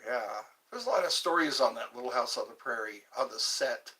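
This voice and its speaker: A man's voice: medium pitch, lively intonation, brisk, bright, forceful tone, recorded from a distance. A man hosting a casual livestream, rambling and joking as he chats with his viewers. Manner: rambling, jokey, chatting with viewers. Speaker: livestream host.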